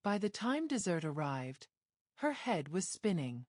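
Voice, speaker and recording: A woman's voice: big pitch swings, unhurried, dry recording, clean studio sound. A woman narrating a romance drama, reading scripted lines with a dramatic storytelling manner. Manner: dramatic storytelling, acting out dialogue with lifted pitch.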